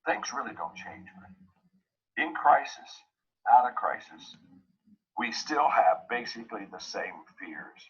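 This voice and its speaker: A man's voice: mid-range voice, very animated, takes it slowly, pauses often, a bit bright, slightly rough. A man giving a motivational talk, emphatic and repeating key phrases, in a dull lo-fi recording. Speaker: motivational speaker.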